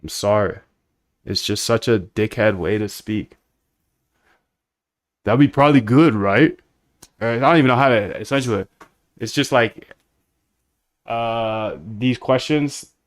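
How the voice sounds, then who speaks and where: A man's voice: mid-range voice, no room sound. A man hosting a casual livestream, coding aloud and bluntly reacting to chat. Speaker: livestream host.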